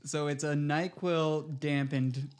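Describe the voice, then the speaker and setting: A man's voice: on the high side, fairly even intonation, slow, a little mellow, clear, resonant tone. A man co-hosting a podcast, joking around with crude, teasing banter. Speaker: podcast co-host. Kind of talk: casual chat.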